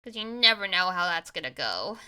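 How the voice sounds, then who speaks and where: A woman's voice: lowish voice, sing-song, a little fast, sharp tone, clear, resonant tone. A woman streaming a game, chatting casually and joking, with the odd swear word. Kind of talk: casual gameplay commentary.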